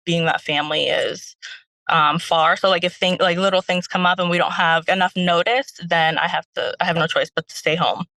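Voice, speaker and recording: Young woman calling in, bright tense voice, rambles on with lots of likes and ums, dry sound. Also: lowish voice, steady tone, moderate pace, no room sound, poor audio. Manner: rambling, lots of fillers, retells quotes. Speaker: caller, stay-at-home mom. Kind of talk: telling her story on a call-in show.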